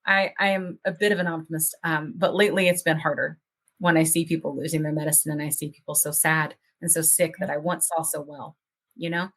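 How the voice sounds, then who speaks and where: Low-voiced earnest woman podcast host. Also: flat delivery, a little fast, fairly bright tone. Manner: earnest, hopeful, talks in run-on thoughts. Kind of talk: casual podcast chat.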